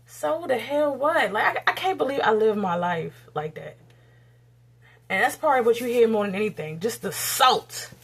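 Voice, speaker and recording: A woman's voice: expressive, normal speed, husky. Heated, profane woman ranting to camera. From United States. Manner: blunt, profane and heated, with sudden rises in pitch. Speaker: vlogger. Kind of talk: candid rant to camera while cooking.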